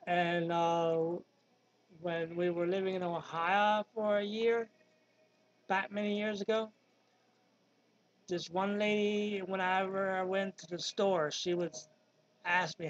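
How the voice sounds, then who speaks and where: A man's voice: sits high, steady tone, slow, long pauses. A man in his fifties from Virginia with a Southern accent, talking casually and wandering off topic with many ums. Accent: Southern American (Virginia). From Virginia, USA. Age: 50s. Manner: rambling, digressive, with many ums. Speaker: vlogger. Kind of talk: casual monologue. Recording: dull lo-fi recording.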